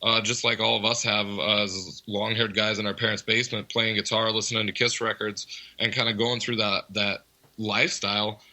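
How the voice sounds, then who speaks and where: Rock band guy on an interview, low-ish voice but really bright, rambly with lots of uh's. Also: moderate pace, low-quality recording. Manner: relaxed, rambling with fillers. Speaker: band member guest. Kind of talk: casual interview talk.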